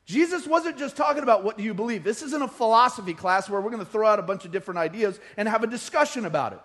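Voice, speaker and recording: A male pastor preaching a sermon, telling stories with lively acted-out quotes. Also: sits high, quick pace. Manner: animated storytelling, acting out quoted voices. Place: church hall.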